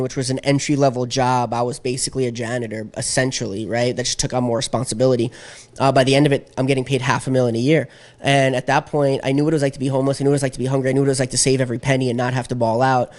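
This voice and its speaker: A man guest in an interview, telling a long story in a casual, streetwise way with lots of fillers. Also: mid-range voice.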